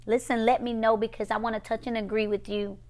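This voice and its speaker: Woman preaching hard, gravelly voice, loud then whispery, kinda high. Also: flat delivery, quick pace. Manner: impassioned, swings from loud declarations to hushed whispers. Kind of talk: live-streamed sermon and prayer.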